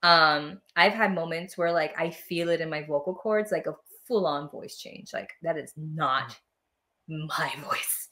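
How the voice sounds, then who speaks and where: Lively woman guest, somewhat low voice. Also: measured pace. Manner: animated, laughs often, acts out voices. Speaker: podcast guest, medium. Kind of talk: casual interview chat.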